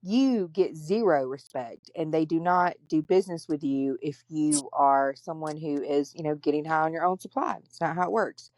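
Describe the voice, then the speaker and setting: A woman's voice: low-pitched, normal speed, hardly any pauses, darkish tone, no room sound. A woman hosting a podcast, telling her story candidly and bluntly, with plenty of profanity. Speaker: podcast host. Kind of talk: casual storytelling chat.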